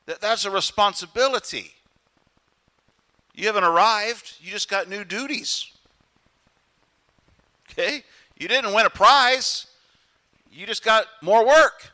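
A man preaching a sermon as pastor, often acting out quotes in other voices. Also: high voice. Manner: animated preaching, acts out quotes.

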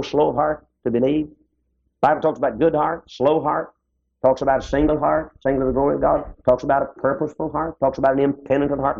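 A man's voice: medium pitch, creaky, darkish tone. A man preaching a sermon, rising now and then to fervent exclamations. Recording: dull lo-fi recording.

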